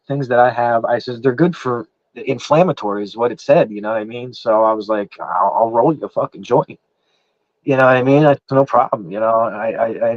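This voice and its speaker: A man's voice: mid-range voice, no room sound. A man with an East Coast accent telling a long story in casual chat, swearing a lot and repeating himself with restarts. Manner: rambling, heavy swearing, lots of "I said" restarts. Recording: dull muffled lo-fi sound.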